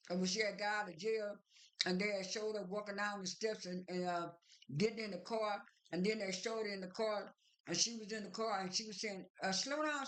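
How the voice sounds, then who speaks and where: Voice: mid-range voice, a bit bright. A vlogger casually retelling a reality show episode at length, full of fillers, restarts and strings of "and then.". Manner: rambling, many fillers and restarts; strings events together with "and then".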